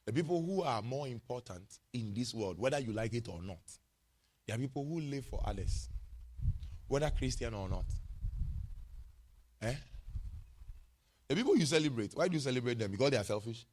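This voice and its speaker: A man's voice: medium pitch, expressive, moderate pace, pauses often, darkish tone. A male pastor preaching a sermon, emphatic and repetitive, often checking in with his congregation.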